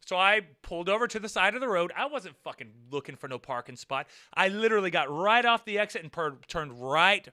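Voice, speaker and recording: A man with a high-pitched voice tells a personal story straight to the camera in a casual vlog. His tone is bright and a little sharp, full of swearing. He drops into low mutters, then climbs into loud, heated outbursts. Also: fairly quick, few pauses, clean tone. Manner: profane, animated, swings from mutters to near-shouting. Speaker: vlogger.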